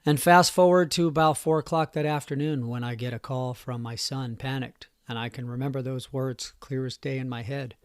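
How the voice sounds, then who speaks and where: A man in his forties tells his own story on a podcast, speaking in a somber, halting and emotional way. His voice sits at a middle pitch. The recording is dry and close, with no room sound. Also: steady tone, clear, resonant tone, no room sound. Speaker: podcast host. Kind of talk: personal storytelling monologue.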